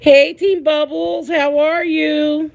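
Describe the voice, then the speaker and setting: A woman's voice: high-pitched, little pitch movement, slow pace, vocal fry. A woman hosting a casual live stream, chatting with her viewers and reading their comments aloud, laughing often. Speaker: livestream host.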